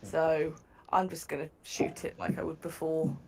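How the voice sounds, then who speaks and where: A woman playing in a tabletop game, measured and matter-of-fact as she explains her move. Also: deep voice, little pitch movement, gravelly, very noisy. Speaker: player. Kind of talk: casual tabletop game chat.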